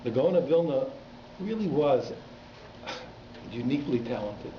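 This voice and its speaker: A rabbi teaching a class at a community synagogue, telling stories animatedly and repeating words for emphasis. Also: male voice, medium pitch, animated, a little slow. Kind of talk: storytelling lecture. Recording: echoey, dull hall recording with faint noise.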